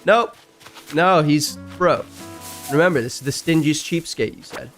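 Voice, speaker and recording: A man with a slightly high-pitched voice reads online stories aloud as a streamer, breaking off to react in a casual, chatty way. His reactions jump suddenly louder and higher. Faint game music plays behind him. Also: measured pace.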